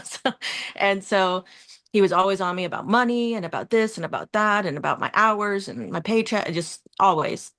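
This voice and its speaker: A woman in her forties talks in a low, deep voice, earnest and a little rambling, laughing softly between thoughts. Her voice is recorded close and dry, with no room around it. She is a guest in a casual, heartfelt conversation. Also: no echo. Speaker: community guest.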